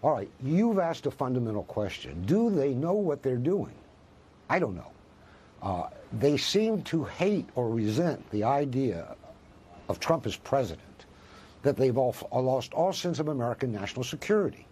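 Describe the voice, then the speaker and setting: A man's voice: medium pitch, sing-song, moderate pace, mellow, slight background noise. A man, a professor, speaking as a guest in a news interview, arguing with passion and rhetorical questions. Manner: impassioned, argues with rhetorical questions.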